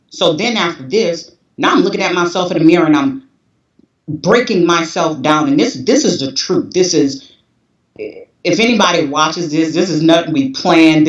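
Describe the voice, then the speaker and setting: A woman's voice: deep voice, moderate pace. A woman in her forties giving a candid, emotional personal testimony, restless and repeating herself as she talks. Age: 40s. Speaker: guest. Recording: roomy, distant, dull sound.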